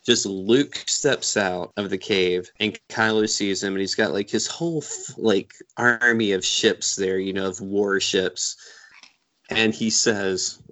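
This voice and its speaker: A man's voice: fairly low pitch, measured pace. Enthusiastic man retelling a film scene. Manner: enthusiastic, animated storytelling. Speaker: podcast co-host. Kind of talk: casual fan discussion.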